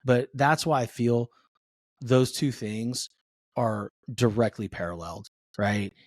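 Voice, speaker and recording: A man's voice: medium pitch, slow pace, dry recording, studio quality. A man speaking as a podcast guest and father of three, telling earnest stories in a casual conversation and acting out family dialogue.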